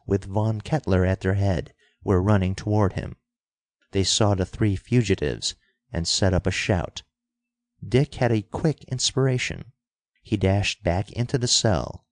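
A man narrating an adventure story in a steady, measured and dramatic audiobook style. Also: lowish voice, dry recording.

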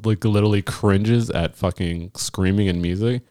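A man's voice: lowish voice, moderate pace. A man co-hosting a casual podcast, telling concert stories with lots of swearing and jumping into his friends' voices. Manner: animated storyteller, acts out friends' voices, swears freely. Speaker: podcast co-host. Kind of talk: casual chat.

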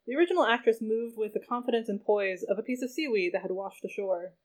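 A woman's voice: a little high, fast talker. A woman author reading her own novella aloud expressively and chatting casually over a video call. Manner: expressive, laughs easily. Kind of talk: casual chat and book reading.

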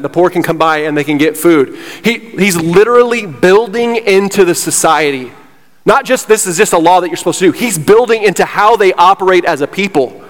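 A man preaching a sermon as pastor, fired up and slightly out of breath, emphatic and repeating himself. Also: fairly high pitch. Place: church sanctuary. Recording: long hall reverb.

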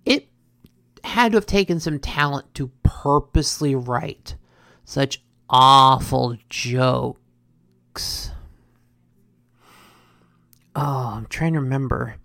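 A speaker casually recapping an episode in an animated, rambling way, correcting themselves as they go. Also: medium pitch, moderate pace, dry recording, studio quality. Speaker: show recapper.

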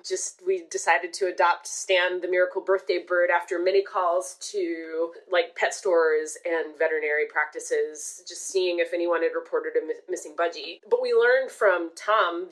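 A woman telling a long personal story in casual podcast chat, animated and swearing casually. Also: lowish voice, low-quality recording.

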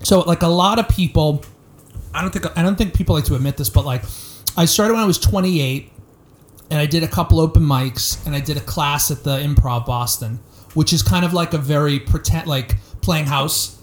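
A man's voice: fairly high pitch, normal speed. A man in his thirties, a stand-up comic, chatting on a podcast in a rambling, self-deprecating way and swearing a lot. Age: 30s. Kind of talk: casual podcast chat.

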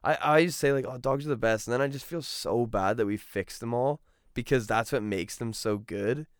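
A man's voice: medium pitch, normal speed, clean tone, no echo, studio quality. Profane laid-back young man. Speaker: podcast co-host. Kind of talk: casual chat.

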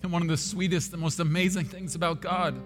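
A man preaching a sermon as pastor, swinging between loud emphasis and hushed, near-whispered lines. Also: a little high, steady tone, fast talker. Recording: long hall reverb with soft guitar underneath.

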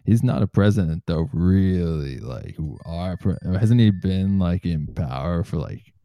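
A man hosting a casual comedy podcast, swearing freely and reading news quotes aloud in a relaxed, joking way. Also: deep voice, a little slow, gravelly, no room sound. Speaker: podcast host.

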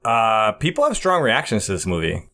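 A man's voice: lowish voice, big pitch swings, moderate pace, bright, forceful tone. A man chatting casually on a podcast, rambling and hesitant, joking now and then. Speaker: podcast guest. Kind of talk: casual chat.

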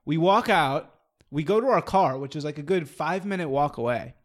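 A man's voice: on the high side, expressive, normal speed. A man telling a long story in casual chat, rambling and swearing, restarting his sentences often. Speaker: storyteller in a conversation.

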